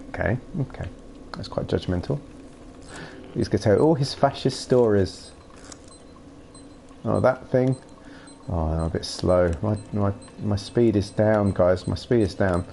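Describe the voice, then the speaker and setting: A young man chatting casually and playfully with his live chat while streaming a game, rambling and breaking into silly shouts. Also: medium pitch, creaky, a little hiss or hum.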